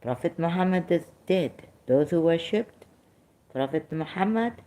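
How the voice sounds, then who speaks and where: A middle-aged woman with a low, mellow voice talks through religious questions off the cuff. She wanders from point to point, stopping on "uh" and restarting her sentences. It comes across as unscripted commentary. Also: lively intonation, measured pace. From Pakistan. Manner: rambling and hesitant, with frequent fillers and restarts.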